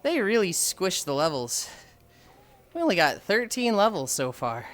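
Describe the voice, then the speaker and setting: A woman's voice: lowish voice, unhurried. A woman livestreaming while walking, out of breath and sighing as she chats with viewers and tells stories. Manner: chatty, reads chat aloud, animated storytelling.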